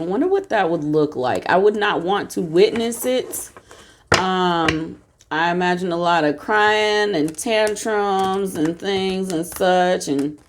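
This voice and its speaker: Low-voiced Southern woman reading tarot. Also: slow pace, background noise. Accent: Southern US, Georgia. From Georgia, US. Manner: chatty, laughing, folksy asides. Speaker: tarot reader. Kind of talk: casual tarot reading monologue.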